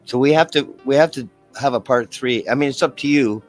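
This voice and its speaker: Easygoing podcast host with a worn voice. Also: male voice, medium pitch, a little fast, soft background music. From Canada. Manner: easygoing, affirming, laughs often. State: voice worn, losing it. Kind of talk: casual podcast conversation.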